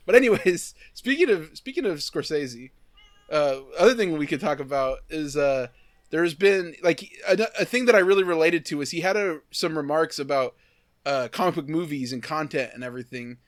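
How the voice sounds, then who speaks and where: A man's voice: fairly high pitch, animated, normal speed, no room sound, studio quality. A man in casual chat with friends, ranting jokily and swearing freely. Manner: swearing, joking rants.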